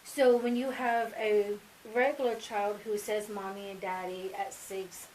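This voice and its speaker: A mother speaking as an interview guest, telling family stories in a casual, animated way and acting out remembered dialogue. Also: medium pitch, unhurried, a little hiss or hum, low-quality recording. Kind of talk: casual sit-down interview storytelling.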